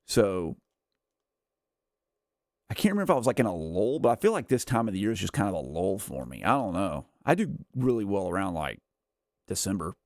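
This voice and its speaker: A man's voice: low voice, big pitch swings, fairly quick, long pauses, dry recording, studio quality. A man in his thirties chatting casually on a game livestream, rambling with lots of "like" and "uh" and frequent chuckles. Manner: rambling, filler-heavy, says "like" and "uh" a lot; chuckles often while talking. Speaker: gaming streamer.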